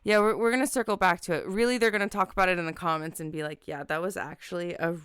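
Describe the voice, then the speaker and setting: A woman co-hosting a casual podcast, giggly and self-mocking, swearing freely as she chats. Her voice is smooth and resonant, at an everyday pitch, recorded close and dry. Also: rapid-fire, fairly bright tone, dry recording. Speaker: podcast co-host. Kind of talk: casual chat.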